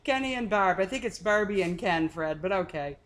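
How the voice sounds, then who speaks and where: A woman's voice: medium pitch, lively intonation, fairly quick, a little hiss or hum. A woman co-hosting a casual live stream, greeting viewers by name and teasing her husband. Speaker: co-host reading chat.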